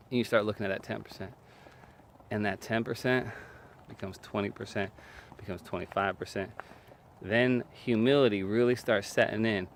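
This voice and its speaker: A man with a lowish, fairly bright voice gives an earnest, emphatic video talk on relationships, drawing on personal experience and his faith. He repeats short phrases and keeps saying "man," with slight background noise.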